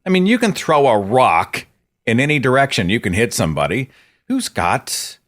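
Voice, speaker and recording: A man's voice: mid-range voice, sing-song, moderate pace, a bit bright. A middle-aged man hosting a podcast monologue, impassioned and exasperated, moving between dry asides and outbursts. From Oklahoma, USA. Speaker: podcast host.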